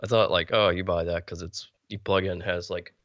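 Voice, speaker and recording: A man's voice: deep voice, fairly even intonation, moderate pace, a bit bright, dry recording. A young man co-hosting a streamed talk show, talking in a laid-back, hesitant way. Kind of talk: casual chat. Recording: dull lo-fi mic.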